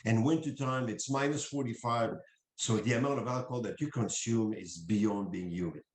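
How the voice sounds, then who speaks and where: A man from Canada, an exuberant wine importer telling lively stories full of restarts. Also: medium pitch, moderate pace. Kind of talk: animated conversational storytelling. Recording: echoey room.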